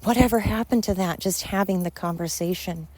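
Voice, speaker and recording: A woman's voice: medium pitch, a little fast, darkish tone, dry recording. A woman hosting her podcast in a casual, earnest monologue, rambling and emphatic with many fillers, a little winded as she walks outdoors. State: slightly winded. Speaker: podcast host.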